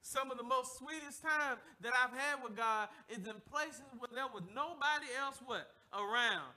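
A male pastor preaches with a strikingly high, sharp and bright voice. He works call-and-response, leaving sentences open for the congregation to finish, and slips into animated little acted-out asides. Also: normal speed. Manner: animated, acts out voices and laughs while preaching. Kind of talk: sermon.

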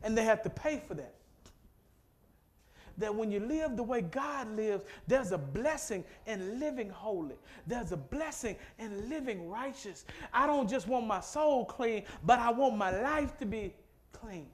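A middle-aged male pastor from Mississippi, USA, delivers a sermon built on call-and-response, rising from low and quiet to loud and fervent. His intonation is lively and his pace a little slow.

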